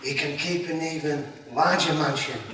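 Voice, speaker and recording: A man's voice: fairly high pitch, steady tone, moderate pace, heavy background noise. A young man with a Yorkshire accent giving a motivational keynote speech, stammering and repeating words as he speaks. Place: large hall. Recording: echoey hall, from far off.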